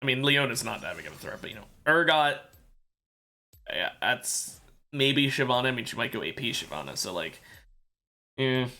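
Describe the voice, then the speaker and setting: Man streaming a game, half-awake, rambling; bright voice, animated pitch. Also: normal speed, pauses often. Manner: rambling, self-correcting, laughs at himself. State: sleepy, yawning. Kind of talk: casual gameplay commentary.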